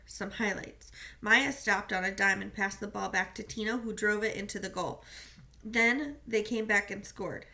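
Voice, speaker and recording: Female audiobook reader, sharp bright tone, steady first-person narration. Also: medium pitch. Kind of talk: reading a novel aloud.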